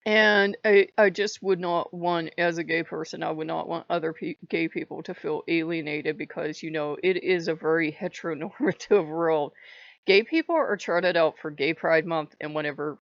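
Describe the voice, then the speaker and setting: A low, gravelly woman rambles through a casual chat, laughing often and swearing freely. Her voice sits close and dry. The recording sounds dull and lo-fi. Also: normal speed, no echo. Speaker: vlogger.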